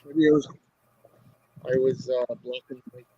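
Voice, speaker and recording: A man talking casually from an outdoor campsite, halting and laid-back. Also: medium pitch, little pitch movement, dark tone, muffled recording, slight background noise. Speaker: co-host of a live stream. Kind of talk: casual chat.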